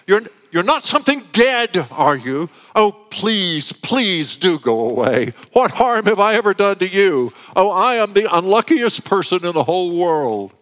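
A frightened young boy stammers and pleads, near screaming, as a man acts him out in a story reading. His high, panicked voice leaps wildly up and down. It echoes around a big church hall. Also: big pitch swings, measured pace, few pauses, fairly bright tone, heavily acted. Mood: terrified.

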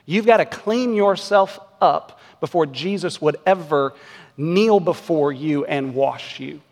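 A man in his thirties preaches to his congregation with earnest, measured conviction. His voice sits a touch higher than most men's, and he leans on emphatic rhetorical questions. The sound rings on with the long reverb of a church sanctuary. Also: darkish tone. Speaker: pastor. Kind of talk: sermon.

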